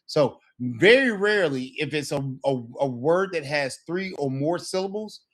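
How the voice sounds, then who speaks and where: A man's voice: fairly high pitch, lively intonation, moderate pace. A man teaching a language class, explaining patiently and checking in with his students often. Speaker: Spanish teacher. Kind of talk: online class lesson.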